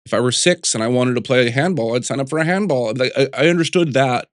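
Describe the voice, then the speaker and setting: A man in a relaxed interview chat who tells stories with lots of restarts and quick bursts of voices. His pitch sits mid-range for a man. The sound is dry and close to the mic. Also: no echo. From United States. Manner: animated storyteller, jumps into voices and restarts. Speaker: guest sculptor.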